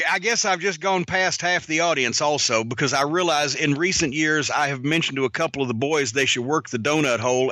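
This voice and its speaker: High-voiced, bright male podcast storyteller. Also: no echo. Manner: profane, animated storytelling. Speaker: podcast host.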